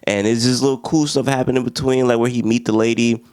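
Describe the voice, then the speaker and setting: A man's voice: medium pitch, quick pace, dry recording, clean studio sound. A young man, casually recapping a war movie and acting out the characters' lines. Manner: slangy, animated retelling with acted-out quotes. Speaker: film reviewer.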